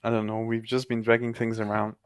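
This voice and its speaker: A man in casual technical chat, animated, with quick restarts, acting out other people's lines. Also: fairly low pitch, no echo.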